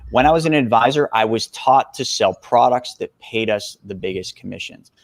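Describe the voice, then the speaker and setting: A man's voice: medium pitch, normal speed, creaky, no echo, clean studio sound. Fired-up man in his forties. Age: 40s. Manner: energetic and emphatic, addresses listeners as folks. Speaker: guest expert. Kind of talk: podcast interview.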